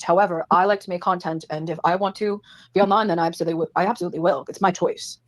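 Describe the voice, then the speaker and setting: A woman's voice: lowish voice, steady tone, rapid-fire. A woman content creator ranting on a livestream, swearing heavily. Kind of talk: livestream rant.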